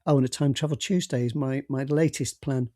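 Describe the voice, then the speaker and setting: Male author-narrator, mellow tone, dry close sound, casual and halting between chapters. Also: mid-range voice, fairly even intonation, no echo. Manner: hesitant, with fillers and restarts in the chat. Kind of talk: storybook narration and casual chat.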